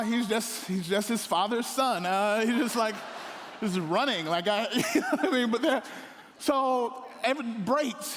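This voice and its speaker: A middle-aged male pastor telling funny stories in a lively, joking sermon. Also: high-pitched. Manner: animated, joking, with playful voices for others. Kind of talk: comedic sermon storytelling. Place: large hall on stage. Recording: long hall reverb.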